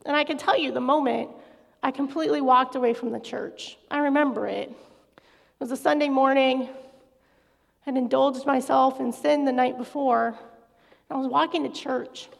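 High gravelly-voiced woman giving testimony. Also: fairly even intonation, normal speed. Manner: earnest, confessional. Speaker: guest speaker. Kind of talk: personal faith testimony. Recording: echoey hall reverb.

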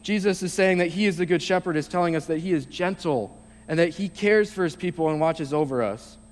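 Young guy preaching in a church hall, kinda high voice, big echoey room. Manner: reads scripture slowly, then explains in a halting casual way. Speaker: youth speaker. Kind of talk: sermon. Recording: long reverb of a large hall.

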